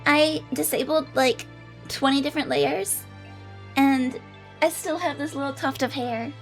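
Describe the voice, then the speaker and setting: A bubbly woman streamer chats with her live audience and thanks them eagerly. Her voice is bright and high but a little congested. Soft game music hums underneath. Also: slow pace. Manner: bubbly, chatty, thanks viewers. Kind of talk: casual live-stream chat.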